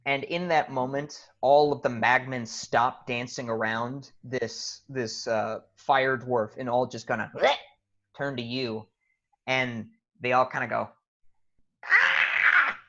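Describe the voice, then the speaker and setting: A man narrating a tabletop game as game master, telling the scene in a loose, animated way with fillers. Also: mid-range voice, measured pace, muffled recording.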